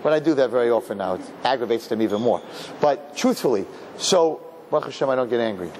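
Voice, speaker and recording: Lively rabbi lecturing a class, man, jumps into character voices, light background hiss. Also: fast. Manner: animated, acts out people with high voices, Yiddish and Hebrew words.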